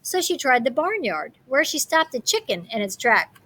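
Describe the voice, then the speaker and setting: A woman reading a picture book aloud, animated, with playful comments on the pictures. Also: high voice, moderate pace. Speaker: storybook reader.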